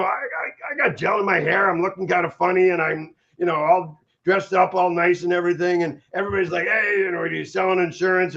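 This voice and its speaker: A middle-aged man telling his story as a stroke survivor in an energetic, candid interview, often repeating words as he starts sentences. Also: high-pitched. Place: in Los Angeles area. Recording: muffled lo-fi audio.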